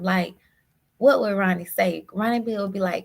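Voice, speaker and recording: A woman guest telling a personal story in a halting, emotional way, often repeating her words. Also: fairly low pitch, gravelly. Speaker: podcast guest.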